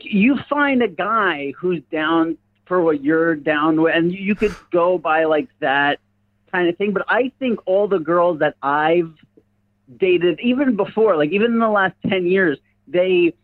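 A man telling a rambling comedic story in casual chat, laughing often as he talks. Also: high voice. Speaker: guest. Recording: dull lo-fi sound.

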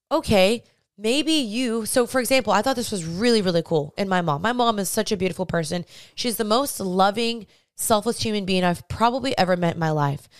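A woman's voice: mid-range voice, smooth, dry recording, studio quality. A young woman hosting a podcast, giving earnest, chatty faith-based advice straight to her listeners. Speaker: podcast host.

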